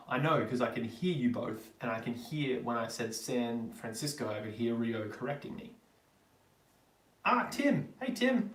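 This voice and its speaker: An Australian man chats casually through a live question-and-answer stream, reading each viewer question aloud before rambling into an answer full of ums. His voice sits at an ordinary middle pitch. The sound is roomy, picked up from a mic a little way off. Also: recorded from a distance, a little hiss or hum. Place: home in Germany.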